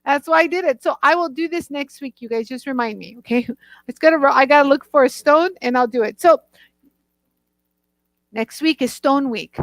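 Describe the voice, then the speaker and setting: A bubbly, gushing woman from the northern United States chats casually with viewers while hosting a live jewelry tool stream. Her voice sits high, and the sound is dry and close, with no room around it. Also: moderate pace, dry recording. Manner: bubbly, gushing, chatty, laughs often.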